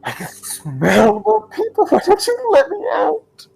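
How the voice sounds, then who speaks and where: A man voicing a trapped figure calling from beneath a church, pleading desperately to be let out in a high strained voice. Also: huge pitch swings, measured pace, gravelly, darkish tone, full character voice, low-quality recording. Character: voice crying from below the church, pleading.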